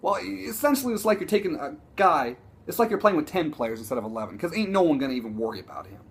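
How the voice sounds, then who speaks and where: A man ranting casually about his football team, profane and excitable, rambling with frequent restarts. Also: a little high, quick pace, husky. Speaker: sports vlogger. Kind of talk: casual sports rant.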